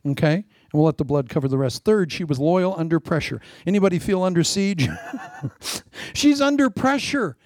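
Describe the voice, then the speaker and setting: A man preaching a lively sermon with jokes, swinging between loud punchlines and soft asides. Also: sits high, normal speed, no echo, clean studio sound. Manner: animated, joking, often laughing, drops to soft asides.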